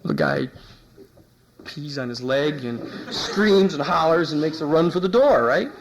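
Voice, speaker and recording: A man giving a university lecture, telling an anecdote in an animated way and acting out the people he quotes. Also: on the high side, measured pace, a little hiss or hum, poor audio. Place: lecture hall.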